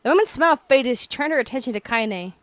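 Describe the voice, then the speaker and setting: High-voiced woman streamer reading a game story. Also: quick pace, dry recording. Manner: expressive, laughs and comments on the story. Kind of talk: reading game story text aloud with reactions.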